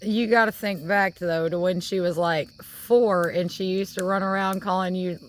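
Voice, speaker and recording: A woman's voice: on the low side, fairly even intonation, moderate pace. A woman chatting casually outdoors by a campfire, cutting in with dry, teasing remarks. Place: outdoors by a fire at night with crickets.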